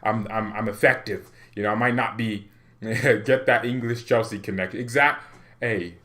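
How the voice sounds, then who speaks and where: A man's voice: fairly low pitch, fairly even intonation, moderate pace, a bit bright. A young man hosting a fan channel, giving casual, jokey football commentary and acting out mock phone calls.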